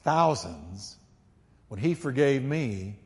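Man, pastor, emphatic sermon, quiet to loud swings, call and response, medium pitch, long hall echo. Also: big pitch swings, slow pace. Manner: calls on the congregation to repeat lines.

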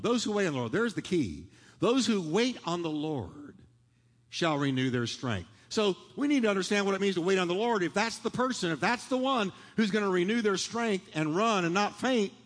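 A man's voice: high-pitched, expressive, normal speed. A man preaching a sermon to a congregation in a church, leading them in call-and-response and building in fervor. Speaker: pastor. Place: large church sanctuary. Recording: long hall reverb.

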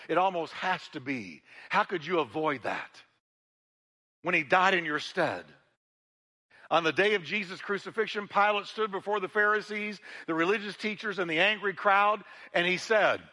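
Bright-voiced pastor preaching in a reverberant hall. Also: male voice, high-pitched. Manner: dramatic, swings between loud emphasis and hushed intimacy; repeats words when building emphasis. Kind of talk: sermon. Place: church sanctuary.

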